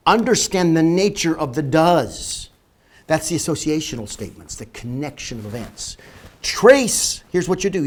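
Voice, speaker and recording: A man lecturing on marketing to online viewers, emphatic and slowing down to stress key words. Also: mid-range voice, slightly rough. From northern Canada. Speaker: marketing educator. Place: Florida, near the beach.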